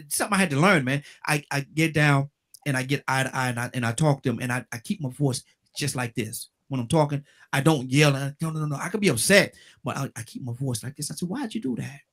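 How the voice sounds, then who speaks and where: Older man hosting a call-in show. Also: fairly quick. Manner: earnest, repeats words, drops voice low to show calm talking. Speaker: radio show host. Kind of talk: call-in radio talk.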